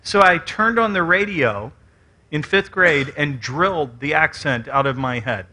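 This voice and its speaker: A man from West Virginia with Southern rhythm and Canadian-like vowels, giving an animated, joking conference talk with audience questions. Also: a little high, unhurried, slight background noise. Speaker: conference speaker. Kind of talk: lecture and audience Q and A.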